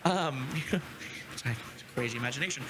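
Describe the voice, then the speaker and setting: A man's voice: mid-range voice, normal speed, noisy background, voice pushed down, close to an everyday voice. A man voicing a nervous, jokey young male companion who rambles and laughs nervously.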